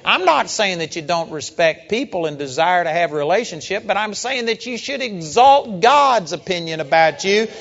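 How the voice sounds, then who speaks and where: A man preaching a sermon, emphatic, building up to loud rhetorical questions. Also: high voice, expressive, moderate pace, few pauses. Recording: dull lo-fi sound with long hall reverb.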